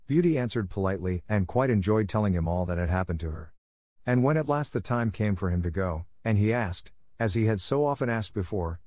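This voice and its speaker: Low-voiced male storybook narrator. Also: dry recording, clean studio sound. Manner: calm, measured storytelling. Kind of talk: scripted audiobook narration.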